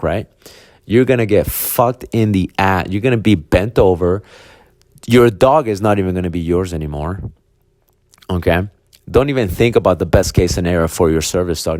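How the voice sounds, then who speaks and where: A low-pitched man, a dog trainer hosting his own podcast, delivers a casual, profane monologue and slips into voices for imagined conversations. The sound is dry and close, with no room around it. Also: a little mellow, no echo. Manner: blunt, profane, acts out hypothetical dialogue.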